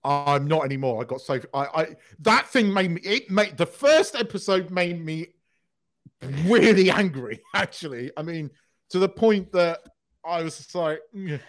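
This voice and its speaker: Live podcast host, man, slightly high voice, blunt, stumbling restarts. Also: expressive, normal speed. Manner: stammering restarts, blunt and sweary. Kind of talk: casual chat.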